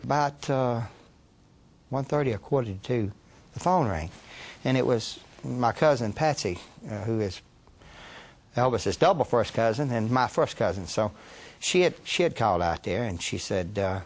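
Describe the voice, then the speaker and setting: Man, gravelly voice, middle pitch, hesitant interview memories. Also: lively intonation, normal speed. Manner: hesitant, with many fillers. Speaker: interviewee, a relative. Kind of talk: documentary interview recollection.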